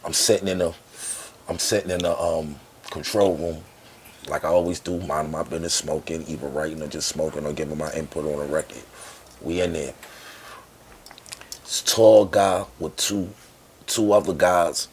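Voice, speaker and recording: A deep-voiced man from Harlem with a New York accent, in his forties, talking as a guest on a podcast. He tells his stories in a relaxed, streetwise way. When he quotes other people, he bursts into their voices. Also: moderate pace, long pauses, a little hiss or hum. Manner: animated, acts out quoted people with raised voice. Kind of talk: casual storytelling.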